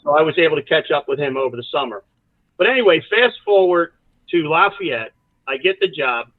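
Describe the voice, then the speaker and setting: Animated man telling stories over a tinny line. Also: fairly high pitch, brisk, dry recording. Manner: animated, rambling storyteller with many asides. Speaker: college soccer coach, guest. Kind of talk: storytelling in a podcast interview.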